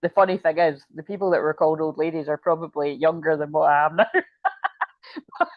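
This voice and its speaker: A woman's voice: low-pitched, steady tone, a little fast, dry recording, lo-fi sound. A middle-aged woman, chatting casually through a tarot reading. She rambles, giggles, swears and goes off on asides, and she sounds tired. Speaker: tarot reader.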